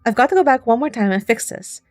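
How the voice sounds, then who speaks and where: A woman's voice: on the high side, animated, no room sound, faint music behind, lightly acted. A woman voicing a young student hero in a visual novel, worried and sarcastic, close to her own voice. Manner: sarcastic, quick-thinking, worried. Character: young time-looping student hero, anxious but defiant.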